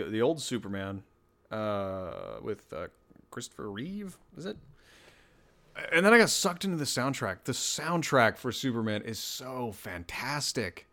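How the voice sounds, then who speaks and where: A man's voice: mid-range voice, fairly bright tone. A man hosting a podcast alone, talking casually in a rambling, self-deprecating way. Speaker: podcast host. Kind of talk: casual solo podcast chat.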